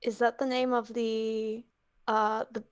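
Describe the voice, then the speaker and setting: A woman playing in a tabletop game, speaking in a hesitant, relaxed way. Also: fairly high pitch, takes it slowly, smooth, muffled recording. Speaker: player. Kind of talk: casual tabletop play.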